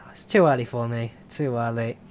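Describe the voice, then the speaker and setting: A man streaming a flight simulator, chatting casually and answering viewer questions in a relaxed, rambling way. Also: mid-range voice, a little hiss or hum. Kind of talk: casual live-stream chat.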